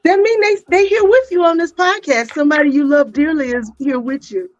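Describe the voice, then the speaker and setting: Woman, exuberant live-stream host, high voice, dull lo-fi sound, faint music behind. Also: fairly quick. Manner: exuberant, chatty, greets viewers by name. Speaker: podcast host. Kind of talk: casual live-stream interview.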